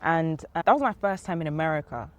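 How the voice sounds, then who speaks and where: A woman's voice: low voice, quick pace. Reflective young woman guest. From Ghanaian family. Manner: reflective, searching for words. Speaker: podcast guest. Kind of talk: casual chat.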